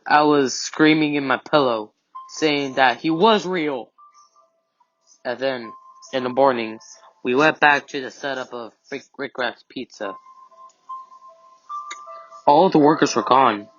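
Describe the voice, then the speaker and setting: A man improvises a scary story in the first person, halting, restarting, and chaining together "and then" after "and then." His voice is medium-pitched and fairly bright, captured on a dull lo-fi recording with faint music underneath.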